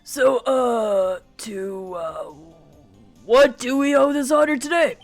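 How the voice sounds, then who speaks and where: A woman's voice: sits high, slow pace, soft background music. A woman voicing a hesitant, stammering elderly male judge while reading game dialogue aloud.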